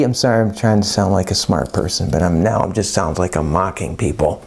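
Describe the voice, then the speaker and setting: A man's voice: low-pitched, fast, gravelly, hardly any pauses, darkish tone, husky. A middle-aged man teaching a chemistry lesson in a casual, folksy, rambling way, with jokey asides. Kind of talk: casual lecture.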